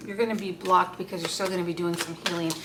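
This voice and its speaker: A woman's voice: lowish voice, steady tone, quick pace, noisy background. A woman giving a casual, unscripted tarot reading, blunt and swearing freely as she talks to the cards aloud. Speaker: tarot card reader.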